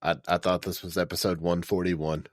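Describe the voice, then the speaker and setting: A man's voice: deep voice, little pitch movement, moderate pace, no room sound. Laid-back Southern man, podcast co-host, whistly S sounds, dry close mic. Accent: Southern American. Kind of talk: casual chat.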